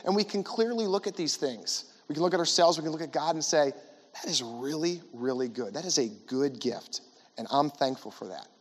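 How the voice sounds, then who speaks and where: A fairly high-voiced man in his forties gives a chatty chapel talk to students. He keeps asking the audience questions and checking in with "right?". His voice rings out with a long reverb in a large school hall. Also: a little fast. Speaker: guest speaker at a school chapel.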